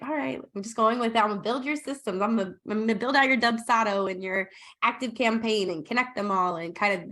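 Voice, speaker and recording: A woman guest on a podcast, retelling a client story in a bubbly, animated way, acting out what people said. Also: medium pitch. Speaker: podcast guest, operations consultant. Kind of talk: casual storytelling in interview.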